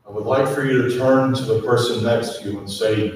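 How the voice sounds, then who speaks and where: A man preaching a sermon as pastor, slow and emphatic, repeatedly asking the congregation to speak to their neighbors. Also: mid-range voice, a little mellow, slight background noise. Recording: echoey hall, mic at a distance.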